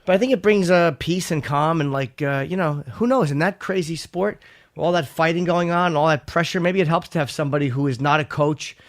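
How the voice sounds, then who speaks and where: A man's voice: fairly high pitch, fairly quick, dry recording, clean studio sound. A man hosting a talk show, chatting in an upbeat, friendly way. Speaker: radio show host. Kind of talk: casual radio talk.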